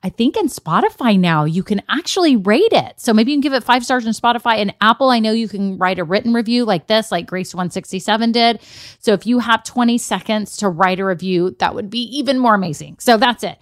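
A woman's voice: a little high, a little fast, no echo, studio quality. A young adult woman hosting a business podcast in an upbeat, emphatic way. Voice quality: bubbly, emphatic, animated. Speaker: podcast host.

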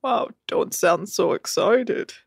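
A woman doing a slow, low, droning impression of a gloomy deadpan young man who seems as lifeless as a walking coffin. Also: vocal fry, dry recording, clean studio sound, heavily acted.

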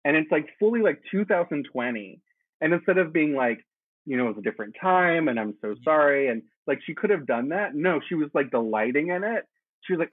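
A man chatting as a guest, animated and laughing, with lots of "like" in his speech. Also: on the high side, fairly quick, slightly rough, no echo. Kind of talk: casual podcast chat. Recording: tinny phone-like line.

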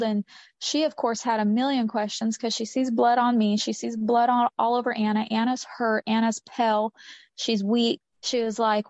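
A woman's voice: fairly high pitch, flat delivery, moderate pace, a little mellow, no echo. A woman recounting a personal story in an interview, earnest and repeating phrases for emphasis. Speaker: interview guest. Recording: dull lo-fi sound.

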